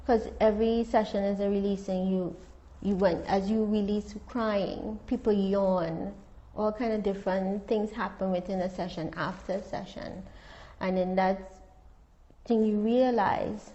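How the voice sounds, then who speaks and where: A woman's voice: mid-range voice, steady tone, unhurried, dark tone, highs cut off. A woman therapist being interviewed, talking earnestly and reflectively about her work with clients. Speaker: therapist guest. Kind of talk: casual interview.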